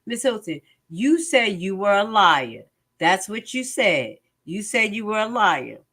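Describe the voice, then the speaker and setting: Animated woman reading court transcripts. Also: mid-range voice, measured pace. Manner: emphatic, repeats phrases, asks viewers questions.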